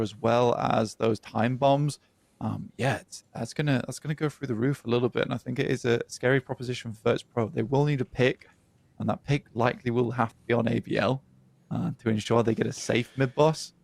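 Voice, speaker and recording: Gravelly-voiced male esports caster. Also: medium pitch, steady tone, no room sound. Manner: measured, analytical, frequent ums. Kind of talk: esports draft analysis commentary.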